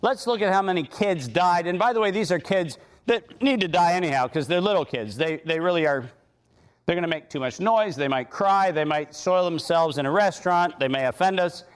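A man's voice: high-pitched, a little fast, clean tone. A man giving an impassioned lecture with slides, sarcastic and emphatic, building to outraged points. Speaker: speaker giving a talk.

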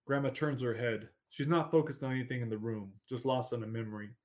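A man narrating a first-person story in a measured, steady reading voice. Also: mid-range voice. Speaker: audiobook narrator.

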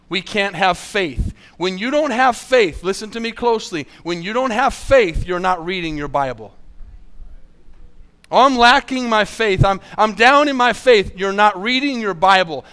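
A man preaching a sermon, earnestly asking the congregation questions and reading scripture slowly. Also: high-pitched, sharp tone, clear, resonant tone. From United States.

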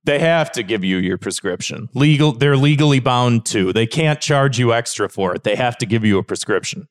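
Man, podcast host, casual chat, plain mid-pitched voice, explains things. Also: animated, normal speed.

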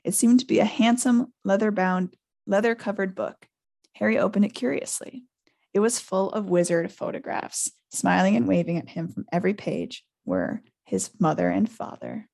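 A woman's voice: mid-range voice, normal speed, vocal fry. A woman hosting a podcast, reading a book aloud live with character voices and chatty asides. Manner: reads with animated character voices, laughs often.

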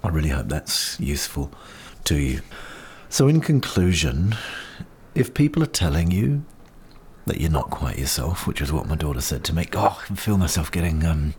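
A man's voice: rumbling low, big pitch swings, normal speed, darkish tone, breathy edge. A middle-aged man with a New Zealand accent gives an earnest, encouraging personal monologue outdoors. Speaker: podcast host sharing personal experience. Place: outdoors in wind. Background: faint wind.

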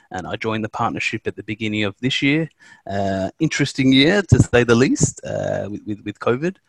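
An Australian man with a lowish voice co-hosts a podcast, chatting in a jokey, self-deprecating way; he's a corporate lawyer by profession. The recording is dry.

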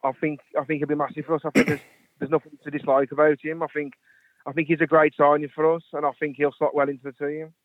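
A man's voice: a little high, little pitch movement, quick pace. Man calling in on a tinny phone line. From West Midlands, England. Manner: earnest, thoughtful, many "um"s and "I think"s. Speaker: caller. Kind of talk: phone-in chat.

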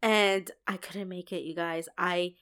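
A woman's voice: on the low side, steady tone, a little slow, a bit bright, clean tone. A young woman in casual chat, retelling a story dramatically, with laughter and swearing.

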